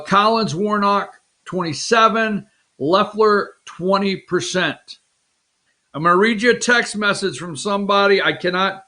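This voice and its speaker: A man's voice: high-pitched, sharp tone. A man hosting a political talk show, rambling and mocking in an off-the-cuff way. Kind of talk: casual political commentary.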